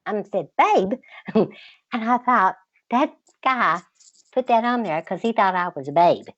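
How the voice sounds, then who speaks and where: An older woman with a Southern accent, a guest in a relaxed interview, talking in a slow, patient drawl with a slightly girlish voice. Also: medium pitch, no echo, muffled recording. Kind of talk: casual interview chat.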